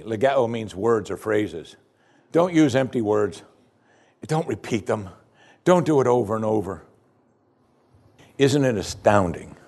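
A man preaching a sermon, animated and humorous, acting out the scenes he describes. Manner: animated, acts out the chanting with raised pitch and volume, dry humor. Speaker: pastor.

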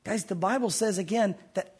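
A man preaching a sermon in an animated way, acting out biblical dialogue in different voices. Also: high voice, normal speed, slightly rough. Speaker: pastor.

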